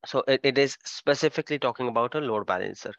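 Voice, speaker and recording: A man's voice: mid-range voice, quick pace, creaky, no room sound. Guy teaching an online class, muffled talk, dull lo-fi audio, says things over a few times. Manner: repetitive, explains step by step. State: muffled speech. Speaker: cloud course instructor. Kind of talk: live online class lecture.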